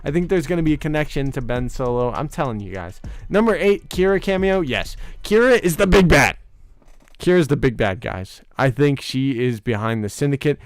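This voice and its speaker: A man hosting a casual livestream, chatting excitedly with viewers, often laughing and teasing them. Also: medium pitch, normal speed, dry recording, soft background music. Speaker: host of a fan channel livestream. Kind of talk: casual livestream chat reacting to viewer comments.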